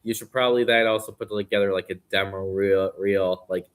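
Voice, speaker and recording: A man's voice: lowish voice, fairly even intonation, brisk, clear, resonant tone. A young man talking casually as a podcast guest, earnest and rambling with plenty of fillers. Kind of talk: casual conversation.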